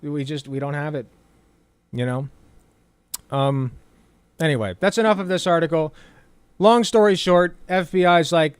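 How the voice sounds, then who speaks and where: Sarcastic male commentator, high and clean voice, close mic in a dry room. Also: steady tone, measured pace, pauses often, clean tone, no room sound. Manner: sarcastic, swears casually, lots of fillers. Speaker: political commentary YouTuber. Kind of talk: casual commentary, reading news aloud.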